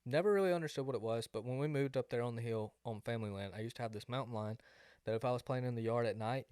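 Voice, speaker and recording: A man's voice: medium pitch, racing, a little mellow, clean tone, no echo, studio quality. A young man, co-hosting a podcast and telling a rambling story that leans on "like". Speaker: podcast co-host. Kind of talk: casual chat.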